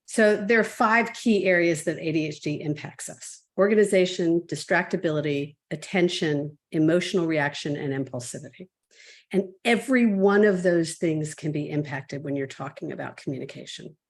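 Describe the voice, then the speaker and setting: Low-voiced woman explaining step by step. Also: moderate pace. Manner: methodical, lays out points in order. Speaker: parenting coach guest. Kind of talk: webinar conversation.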